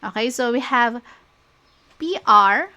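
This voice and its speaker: A woman's voice: a little high, animated, slow pace, bright, forceful tone. A young woman with a Filipino accent teaching shorthand, patiently spelling out letters and repeating words. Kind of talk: online lesson, mixing Filipino and English.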